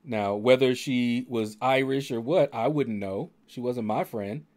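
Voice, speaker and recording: A middle-aged man in easygoing talk with a game stream's audience and co-host. His voice sits at an ordinary middle pitch, and his delivery stays unhurried, laid-back and dryly joking. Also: darkish tone. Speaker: streamer hosting a gaming channel. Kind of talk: casual chat on a game stream.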